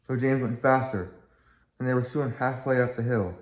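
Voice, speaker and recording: A man's voice: medium pitch, normal speed. Man reading a storybook aloud. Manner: plain, with small slips. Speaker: reader. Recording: echoey room, faint background.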